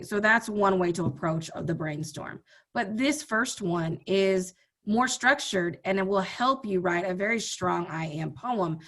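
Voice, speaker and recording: A woman teacher explaining a brainstorming worksheet and mini lessons to students in a steady, guiding way. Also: mid-range voice. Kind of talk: recorded online lesson.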